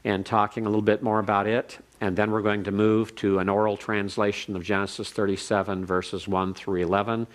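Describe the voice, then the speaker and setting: A man lecturing on Hebrew grammar to a class, explaining step by step and reading phrases slowly for the students to repeat. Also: fairly low pitch, flat delivery. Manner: methodical, reads Hebrew slowly for repetition.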